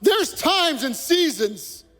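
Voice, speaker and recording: A man preaching a sermon as pastor, impassioned and rising to shouted peaks. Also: very high-pitched, big pitch swings, takes it slowly. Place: church sanctuary. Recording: long reverb of a church hall, faint music.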